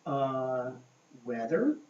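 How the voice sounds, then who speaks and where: Slow-talking male English teacher, echoey room. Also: mid-range voice, big pitch swings, a little mellow. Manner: slow, checking in with frequent "okay?". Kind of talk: grammar lesson at a board. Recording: echoey room, mic far off, dull lo-fi sound.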